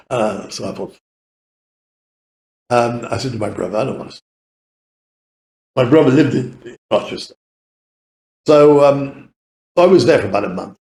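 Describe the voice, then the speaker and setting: Older man in his eighties, British accent, rambling storyteller, medium pitch, echoey room. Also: moderate pace, pauses often, a little mellow. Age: 80s. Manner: chatty, laughs often, casual swearing. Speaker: podcast guest.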